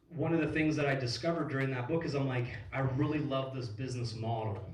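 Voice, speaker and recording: Guy in his 30s doing a motivational stage talk, loose and sweary, lots of "like", sounds distant in a big echoey room. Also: medium pitch. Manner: casual storytelling with many fillers and swearing. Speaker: speaker at a business event. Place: event hall. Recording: echoey hall recorded from far off.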